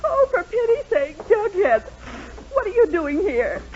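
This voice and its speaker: A woman's voice: sits high, big pitch swings, fairly quick, a little hiss or hum. An actress playing a fussy, flustered middle-aged mother who gets exasperated, in 1940s radio comedy acting. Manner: fussing, exasperated. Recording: dull 1940s radio broadcast.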